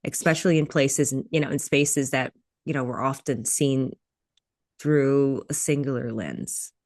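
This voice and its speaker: A man hosting an interview, asking a question in a measured, halting way. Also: mid-range voice, steady tone, no room sound, studio quality. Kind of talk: interview conversation.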